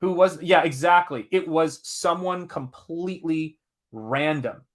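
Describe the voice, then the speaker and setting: Animated male streamer, slightly high voice. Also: unhurried. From Southern United States, Tennessee. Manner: animated, emphatic storyteller who reads out chat comments and swears when worked up. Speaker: live-stream host and comic artist. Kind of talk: casual live-stream chat and storytelling.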